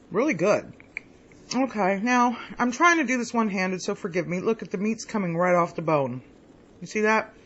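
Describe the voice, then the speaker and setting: A woman's voice: on the low side, fairly bright tone, muffled recording, slight background noise. A woman chatting casually in a home cooking vlog. She rambles as she tastes her food, with lots of pleased mm's. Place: home kitchen.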